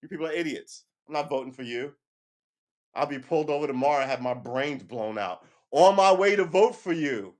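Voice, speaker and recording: A man's voice: a little high, brisk. A man hosting a casual livestream, ranting with heated emphasis, swearing often and checking in with "right?" between points. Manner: keeps asking "right?" and laughs between points. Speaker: livestream host.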